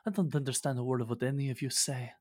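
A man's voice: medium pitch, fast, darkish tone, breathy edge, lightly acted. A man voicing a lost and fretful woman from under the sea in a tabletop game, speaking in a lamenting, effusive way.

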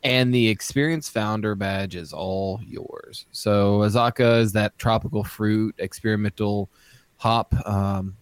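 A man's voice: fairly low pitch, a little slow, smooth, no room sound. A man co-hosting a casual podcast, explaining things in an upbeat tone. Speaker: podcast co-host. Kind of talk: casual chat.

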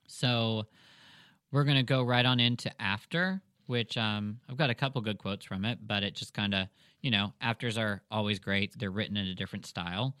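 Smooth low-voiced man chatting. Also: sharp tone, dry recording, clean studio sound. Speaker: podcast co-host. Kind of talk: casual book discussion and dramatic reading.

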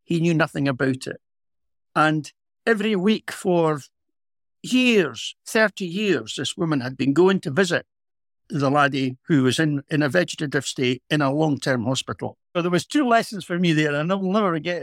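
A middle-aged Scottish man, a former police officer co-hosting a podcast, telling a story in a measured, reflective way. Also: on the high side, expressive, no room sound, clean studio sound. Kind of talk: casual storytelling.

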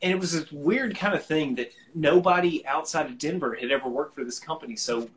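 A man's voice: fairly high pitch, fairly quick, poor audio. A man with a light Alabama Southern accent, a guest musician telling a rambling story with lots of fillers and restarts. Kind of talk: casual storytelling.

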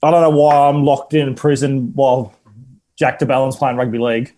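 A man's voice: mid-range voice, level tone, moderate pace, dark tone. A man with an Australian accent, a podcast co-host given to crude, fired-up rants and jokes. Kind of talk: casual podcast chat.

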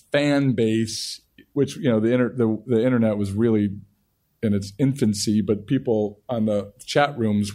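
A man's voice: medium pitch, a little mellow. Rambling male TV writer telling a story. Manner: rambling storytelling with frequent restarts. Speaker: television writer and show creator. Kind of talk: panel interview anecdote.

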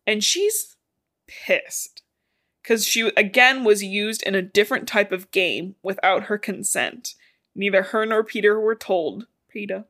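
A woman's voice: medium pitch, a little slow, fairly bright tone. Woman, podcast co-host, chatty plot recap, casual. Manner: chatty retelling, swearing and laughing. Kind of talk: casual book recap chat.

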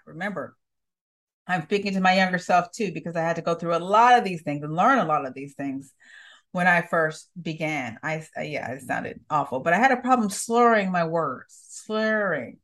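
A woman's voice: fairly low pitch, moderate pace, a bit bright. A woman communication coach hosting her show, talking listeners through voice habits in a direct, encouraging way. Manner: direct, encouraging, repeats words for emphasis. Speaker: communication coach and podcast host. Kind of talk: coaching monologue.

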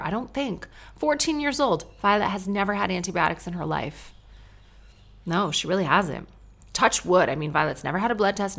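Blunt, chatty woman podcaster. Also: lowish voice. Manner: chatty, blunt and swearing, with lively quoted asides. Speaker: podcast host. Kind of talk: casual solo podcast chat. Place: podcast studio with the doors open.

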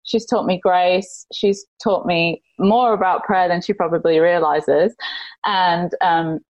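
A woman's voice: on the low side, steady tone, takes it slowly, a little mellow, no echo, highs cut off. A woman hosting a faith-based business podcast, gushing and emotional as she introduces her guest. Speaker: podcast host.

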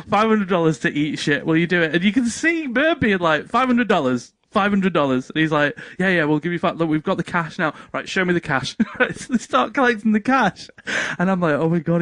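A man's voice: a little high, no echo. A man, telling funny stories in casual chat and laughing often. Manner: animated storytelling with frequent laughter.

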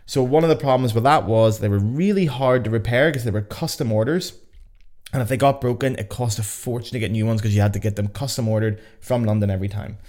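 Speaking fast with a slightly mellow, medium-pitched voice, this podcast host is a young man from Northern Ireland with a Belfast accent. He runs a casual educational show, chatty and joking, swearing freely on a podcast mic.

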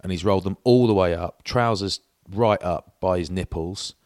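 A man co-hosting a podcast, telling a lively anecdote in casual chat and mimicking the people in it. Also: deep voice, moderate pace, no room sound, studio quality. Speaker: podcast co-host.

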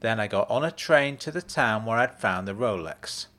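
A man narrating a first-person story in a measured, matter-of-fact way. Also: fairly low pitch, expressive, sharp tone.

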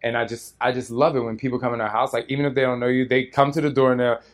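A man's voice: mid-range voice, flat delivery, very fast. A man speaking as a featured guest at a live audience Q&A, earnest and emotional, rambling as he goes. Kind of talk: heartfelt live Q&A talk.

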